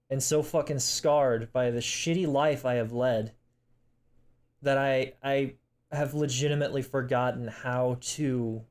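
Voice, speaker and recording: Distraught young man, halting apologies. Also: medium pitch, darkish tone, smooth. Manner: halting, apologetic, frequent restarts and swearing. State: emotional, tearing up. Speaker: vlogger. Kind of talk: personal vlog confession.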